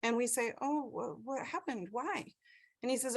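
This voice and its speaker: A woman's voice: a little high, animated, moderate pace, gravelly. A woman teaching a class over a video call, telling a story with animation and checking in with the group. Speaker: class instructor.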